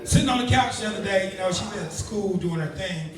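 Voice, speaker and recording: A middle-aged man hosting a stand-up comedy show, telling loose, profane stories in an animated way. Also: sits high, fast talker, crowd noise. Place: comedy club. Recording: very echoey room, heard from far off. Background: audience laughing.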